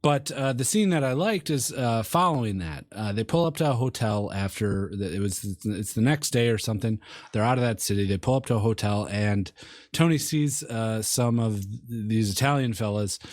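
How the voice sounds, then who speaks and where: Low-voiced man, dry close sound. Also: darkish tone, no echo. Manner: halting, lots of ums and uhs while retelling scenes. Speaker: podcast co-host. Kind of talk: casual movie review chat.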